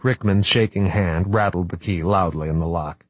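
A man reading a novel aloud in measured, even scripted narration. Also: low-pitched, dry recording. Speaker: audiobook narrator.

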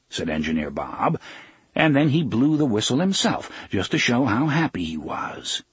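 A man's voice: medium pitch, very animated, moderate pace, slightly rough, no echo. A man reading a novel aloud as audiobook narrator, expressively voicing each character. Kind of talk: scripted narration.

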